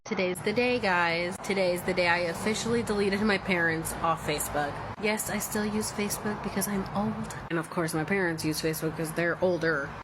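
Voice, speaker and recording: A woman's voice: on the low side, background noise. A woman in her thirties telling her own story in a candid vlog, emotional and blunt, swearing freely. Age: 30s. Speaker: vlogger.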